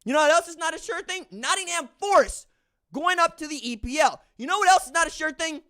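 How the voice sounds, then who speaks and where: A man's voice: extremely high pitch, animated, a little fast, pushed and bright. A man hosting a sports podcast, delivering opinionated commentary as an incredulous, mocking rant. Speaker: podcast host.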